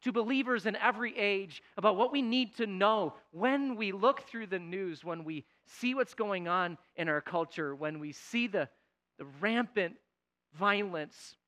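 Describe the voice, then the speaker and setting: A man preaching a sermon, swinging between loud, pleading outbursts and quiet, weighty emphasis. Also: high-pitched, measured pace. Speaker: pastor.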